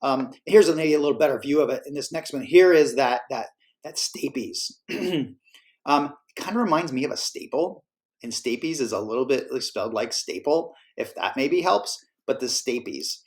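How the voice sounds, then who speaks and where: A man's voice: medium pitch, animated, moderate pace, a little mellow. A man teaching a class, explaining in a casual, self-correcting way. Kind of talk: classroom lecture.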